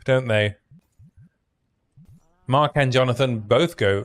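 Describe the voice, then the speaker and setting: A man's voice: mid-range voice, normal speed, long pauses. A man streaming a game in a casual, chatty way, thinking aloud and reading out item stats as he plays. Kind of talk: casual gaming stream commentary.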